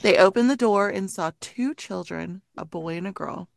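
A woman on a podcast, chatting and narrating a spooky story in an earnest, measured way. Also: mid-range voice, vocal fry, dry recording, studio quality. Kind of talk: casual chat and story narration.

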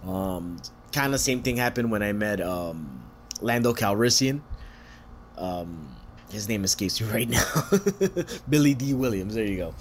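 A man casually telling a story, swearing often, laughing and jumping into high voices to quote people. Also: animated, unhurried, a little hiss or hum.

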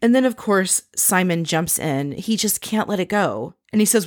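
A woman's voice: mid-range voice, sing-song, moderate pace, hardly any pauses, dry recording, clean studio sound. A woman hosting a casual, chatty recap with wry, sarcastic asides. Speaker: podcast host recapping a reality show.

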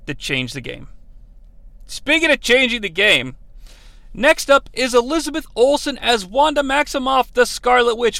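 A man's voice: high voice, gravelly, sharp tone, no echo. A man hosting a podcast, rambling and joking through casual wrestling commentary with plenty of swearing. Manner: rambling, profane and jokey, slipping into bits. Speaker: podcast host.

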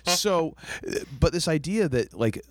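A man co-hosting a casual podcast chat about a TV episode. He speaks in an animated way, often jumping up high in pitch. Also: unhurried, no room sound, clean studio sound. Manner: animated, jumps up high for quoted lines. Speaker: podcast co-host.

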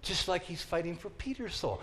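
A man teaching a Bible class in a lively, joking way, acting out the story for his listeners. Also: high-pitched, moderate pace. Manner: animated, joking, acts out the story.

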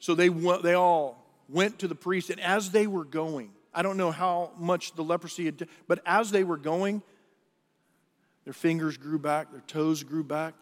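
A male pastor preaches in a high, earnest voice, often restarting his phrases. His words ring out with a long echo in a large church hall. His delivery is conversational rather than polished. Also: steady tone, moderate pace, faint music behind. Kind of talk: sermon.

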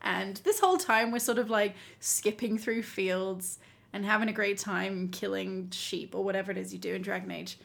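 A woman telling a story in casual chat as a podcast co-host, animated and laughing often. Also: mid-range voice, normal speed, creaky. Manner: animated, laughing often, acting out quoted lines.

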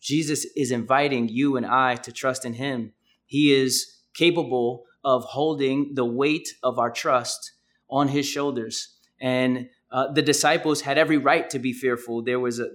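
A man's voice: medium pitch, a bit bright. A young man preaching a sermon, earnest and conversational with casual asides, reading scripture aloud.

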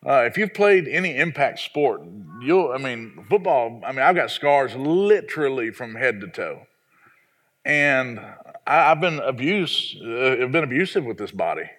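A man's voice: mid-range voice, expressive, measured pace, a bit bright. A man in his forties from the American South, a pastor preaching a sermon in a folksy, self-deprecating storytelling way. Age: 40s.

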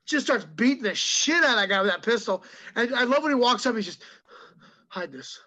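A man who is a comedian, chatting as a podcast guest and telling animated stories with quick impressions. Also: extremely high pitch. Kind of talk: casual podcast chat.

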